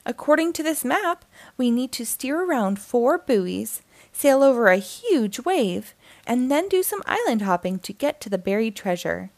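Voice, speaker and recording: A woman's voice: on the high side, very animated, a little slow, darkish tone, no echo. A woman doing an eager young girl explorer.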